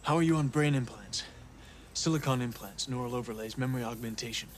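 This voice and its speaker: An actor playing a terse, weary male data courier with clipped, flat lines, heard as film audio. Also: medium pitch, fast, a little hiss or hum, natural voice. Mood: guarded. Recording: film audio with loud ambience.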